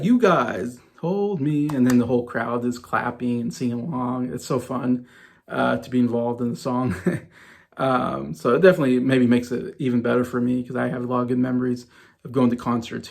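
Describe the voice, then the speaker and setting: A man's voice: mid-range voice, gravelly. A man in his thirties talking enthusiastically and ramblingly in a casual music ranking vlog. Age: 30s. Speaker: music vlogger.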